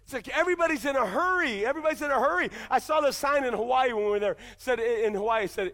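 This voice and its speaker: A man's voice: very high-pitched, fast, hardly any pauses, a bit bright. A man pastor preaching a sermon in a church, emphatic and full of repeated rhetorical questions.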